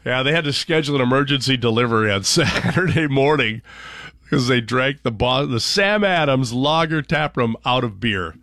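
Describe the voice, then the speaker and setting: A man's voice: mid-range voice, expressive, normal speed, fairly bright tone, no room sound, studio quality. A man hosting a morning radio show, chatting casually, joking and reading station promos and headlines.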